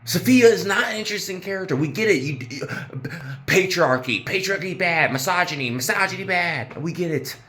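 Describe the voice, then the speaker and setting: A man's voice: high-pitched, expressive, a little fast, bright, forceful tone. Profane ranting man reviewing a show. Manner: ranting, profane, exasperated, laughs at his own jokes. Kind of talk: casual profane review rant.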